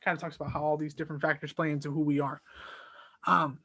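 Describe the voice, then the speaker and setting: A man hosting his own podcast, telling the story of an argument in a casual, animated and exasperated way, acting out both sides of the dialogue. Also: fairly high pitch, fast talker, dry recording. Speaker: podcast host.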